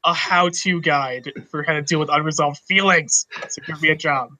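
A man playing a tabletop role-playing game, animated and excitable. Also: on the high side, moderate pace. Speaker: player. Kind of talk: tabletop role-play, casual chat.

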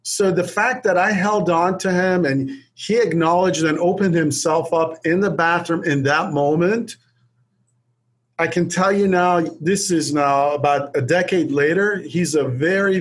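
A man with a fairly high voice tells a story in a heartfelt, earnest way. He repeats words as he reaches for them, and he speaks as an addiction specialist who is a guest on the show. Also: unhurried.

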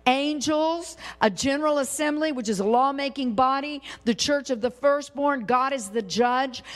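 A fairly high-voiced woman teaching a Bible study the way a preacher delivers a sermon. She presses her points by repeating key phrases and calling on listeners to answer back. Her voice trails off into the long reverb of a church hall. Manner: emphatic, repeats key phrases, calls for responses.

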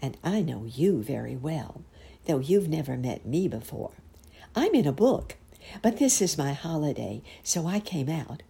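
A woman voicing a gentle, helpful little girl in a storybook, speaking softly and coaxingly. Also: deep voice, big pitch swings, a little slow, gravelly, husky, full character voice. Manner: soft, coaxing.

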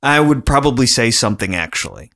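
A man's voice: mid-range voice, expressive, brisk, fairly bright tone. A man co-hosting a casual podcast, talking in a chatty, rambling way and laughing often. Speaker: podcast co-host.

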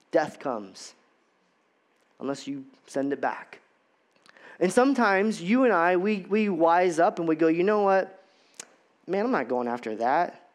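A man preaching a sermon in a church, talking conversationally with many repetitions and rhetorical questions. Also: sits high. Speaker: pastor.

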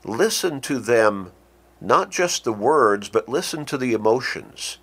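A man teaching a lesson on communication, speaking slowly and deliberately, with pauses and restarts. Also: medium pitch, animated, husky. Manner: acts out short spoken examples. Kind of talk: lecture on communication.

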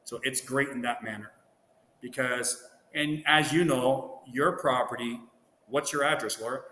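A man's voice: medium pitch, fairly even intonation, measured pace, pushed and bright. A man from Ontario, a guest, telling anecdotes in casual chat and acting out the dialogue he quotes. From Ontario, Canada. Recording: roomy echo with long reverb, faint noise.

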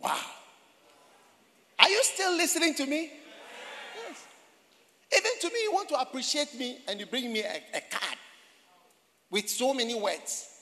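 A man's voice: extremely high pitch, expressive, normal speed, long pauses, pushed and bright, long reverb tail. A man preaching a sermon in a church, talking in a conversational way, repeating phrases and asking the congregation questions. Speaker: pastor.

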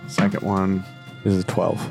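A man's voice: deep voice, completely flat delivery, a little slow, gravelly, darkish tone, faint music behind. A man playing a tabletop game, laid-back and answering with short reactions. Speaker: player. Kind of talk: casual tabletop game play.

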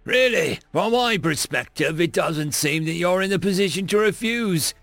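A man's voice: on the high side, big pitch swings, normal speed, creaky, a bit bright, no room sound, faint music behind, pitched above the performer's own voice, full character voice. A man voicing an irritable alien mercenary who sneers and threatens a prisoner, in a story reading. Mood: menacing.

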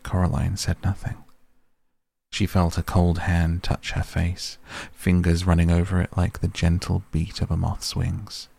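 A man reading a story aloud in a slow, grave, measured way, with a gravelly voice. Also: monotone, a little mellow. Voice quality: deep, gravelly, husky voice. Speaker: narrator. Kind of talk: audiobook narration.

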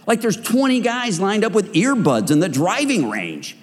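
A man's voice: high voice, very animated, moderate pace, long reverb tail. A man giving a conversational sermon to a group of men, joking and acting out the voices in people's heads. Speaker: men's ministry speaker.

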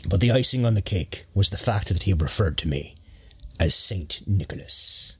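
A man voicing a gruff, one-eyed old Santa who swears and grumbles in irritation. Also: low-pitched, lively intonation, normal speed, exaggerated voice. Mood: irritated.

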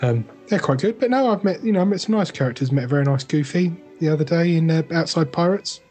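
A man co-hosting a casual podcast, joking and talking in halting starts. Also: on the high side, animated, mellow, soft background music. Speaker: podcast co-host. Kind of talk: casual chat.

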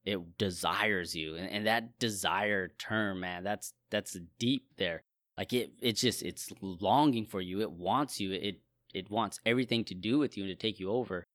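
A man's voice: lowish voice, normal speed, a bit bright, dry recording, clean studio sound. A man musing through a casual Bible discussion, thoughtful and prone to restarting his sentences. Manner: reflective, frequent restarts.

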